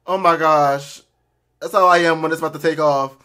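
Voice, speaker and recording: A man reacting to a film for viewers, jumpy and loud, screaming, swearing and talking straight to his audience. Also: a little high, fairly even intonation, moderate pace, clear, resonant tone. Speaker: movie reactor.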